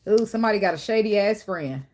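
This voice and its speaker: A woman's voice: medium pitch, expressive, quick pace, darkish tone. A woman giving a casual tarot reading, blunt and profane, talking straight to the viewer. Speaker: tarot reader.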